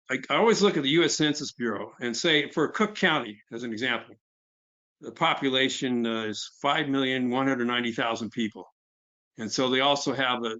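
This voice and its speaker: Middle-aged man, mid-pitched, easygoing presenter, slightly muffled audio. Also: pushed and bright. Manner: conversational, fillers, quotes others. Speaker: nonprofit founder. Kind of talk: webinar presentation.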